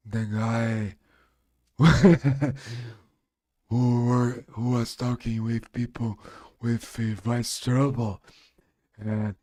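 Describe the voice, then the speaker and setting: A man from Brazil with a Brazilian Portuguese accent and a strong voice, chatting on his live stream in halting English as a non-native speaker. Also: medium pitch, a little mellow, no echo, studio quality. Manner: halting, searching for English words. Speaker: game streamer. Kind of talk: casual live-stream chat.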